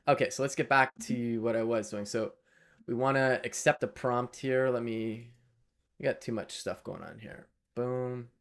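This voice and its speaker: A man's voice: medium pitch, fairly even intonation, a little slow. A man, live-streaming while he codes, thinking aloud and chatting with viewers in a casual way.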